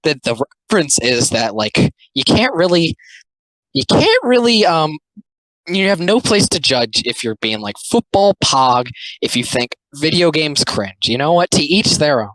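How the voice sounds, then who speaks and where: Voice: mid-range voice, big pitch swings, moderate pace, fairly bright tone, dry recording, poor audio. A speaker giving casual, rambling, sarcastic commentary on comics, full of filler words. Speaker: commentary host.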